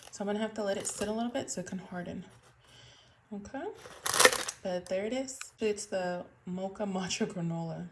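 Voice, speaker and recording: A woman's voice: medium pitch, fairly quick. Chatty woman cooking in a noisy kitchen. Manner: chatty, laughs between remarks, talks to viewers as friends. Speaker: home cooking vlogger. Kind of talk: casual cooking demo. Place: home kitchen.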